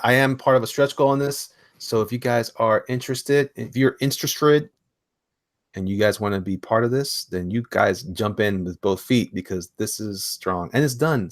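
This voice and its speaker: A man hosting a casual online chat about indie comics, excitable and rambling, laughing often. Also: fairly low pitch, no room sound, clean studio sound. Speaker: host.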